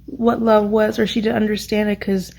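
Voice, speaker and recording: A young woman vlogging about a book she just read, rambling and excitable, stopping to search for words. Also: medium pitch, moderate pace, creaky. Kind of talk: casual reading vlog recap.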